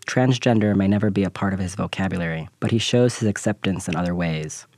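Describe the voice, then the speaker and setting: Deep-voiced man reading a personal essay. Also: a little mellow, dry recording. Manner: measured, reflective. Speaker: essay narrator. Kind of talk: scripted personal essay narration.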